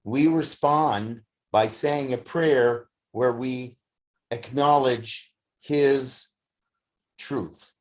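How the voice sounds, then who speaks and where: Slow, halting study class teacher. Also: medium pitch, darkish tone. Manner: halting, many fillers and restarts. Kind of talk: slow, thoughtful lecture. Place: study session streamed on video call.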